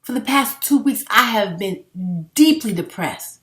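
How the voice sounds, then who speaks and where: A woman's voice: on the high side, expressive, measured pace, a bit bright. A middle-aged woman vlogging in a casual, rambling monologue, emphatic and full of swearing. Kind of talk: casual unscripted monologue to camera. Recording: roomy echo.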